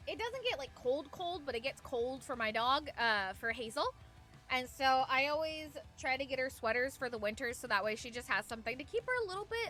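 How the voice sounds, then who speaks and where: Bright, high-voiced chatty woman streamer. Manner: chatty, rambling, reads viewer messages aloud. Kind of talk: casual chat with viewers. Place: home. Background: faint background music.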